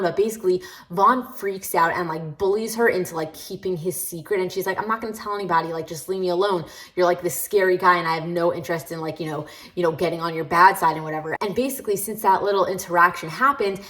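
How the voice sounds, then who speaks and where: Talking casually to her camera about books, this woman has a fairly low, fairly bright voice. She's candid and critical, with plenty of "like" fillers, and the recording quality is low.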